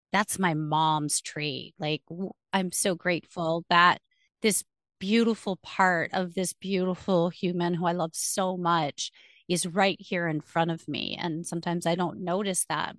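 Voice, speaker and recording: A woman hosting a podcast, talking in a calm, measured way about spirit and connection. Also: fairly low pitch, no room sound, studio quality. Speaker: podcast host. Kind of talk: reflective spiritual conversation.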